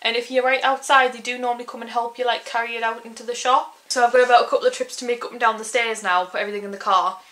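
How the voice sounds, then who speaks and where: Bright-voiced chatty young woman. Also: on the high side, steady tone, rapid-fire, hardly any pauses, low-quality recording. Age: young adult. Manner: chatty, exasperated ranting with frequent "like". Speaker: vlogger. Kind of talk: casual vlog chat.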